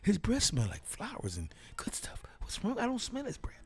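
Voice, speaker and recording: A man putting on a shrill, needling voice for a gossipy friend who teases the show's host. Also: huge pitch swings, normal speed, darkish tone, breathy edge, whispered, full character voice. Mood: teasing.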